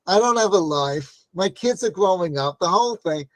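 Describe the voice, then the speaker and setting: High-voiced man giving a lively Torah talk. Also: normal speed, no echo. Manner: conversational, frequent "right?" asides; acts out quoted voices in stories. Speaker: Torah teacher. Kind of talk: storytelling Torah class.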